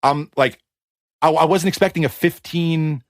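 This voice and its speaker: A man in his thirties, a music producer guest, telling casual anecdotes on a podcast in an animated, chatty way with quick asides. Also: a little high, dry recording.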